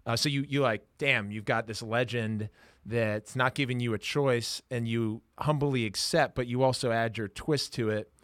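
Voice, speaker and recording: A man's voice: medium pitch, fairly even intonation, normal speed, a bit bright, dry recording, studio quality. A man hosting a podcast, asking long, rambling questions that stall on repeated words. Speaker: podcast host. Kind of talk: casual interview questions.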